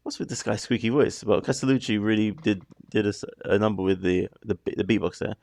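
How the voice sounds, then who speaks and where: A man with a low, gravelly voice chats his way through a reaction video. His talk rambles and breaks off into asides. The sound is dry and close, with no room around it. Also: a little fast, darkish tone, no echo. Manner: chatty, rambling, self-interrupting. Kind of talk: casual rambling commentary.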